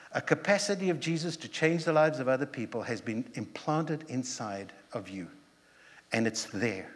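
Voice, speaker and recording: A male pastor delivers a sermon in a plain, everyday voice. He keeps it conversational, tossing out rhetorical questions and quick asides. His words ring out with a long reverb, as if in a large hall. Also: medium pitch.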